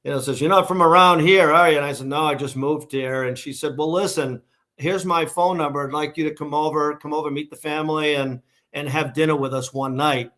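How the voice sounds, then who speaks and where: Appearing as an interview guest, this middle-aged man, who founded a shoe company, tells rambling stories full of fillers and restarts. His Boston accent marks him as being from Massachusetts, USA, and his slightly high, bright voice is steady and a little fast.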